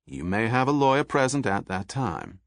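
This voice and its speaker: A man voicing a suave federal agent with a Southern accent, smooth, pleasant and coolly polite. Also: medium pitch, big pitch swings, normal speed, no echo, clean studio sound.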